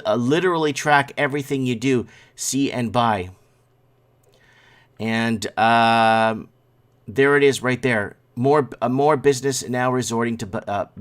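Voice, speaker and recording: A man hosting a casual live stream, rambling over news stories and reading chat comments, sleepy and yawning. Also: mid-range voice. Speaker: host.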